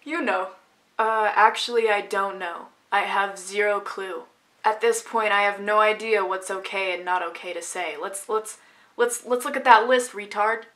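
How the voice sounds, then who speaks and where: A woman's voice: medium pitch, fairly even intonation, moderate pace, fairly bright tone. A woman vlogger telling a story from her own life in a casual, sarcastic, ranting manner.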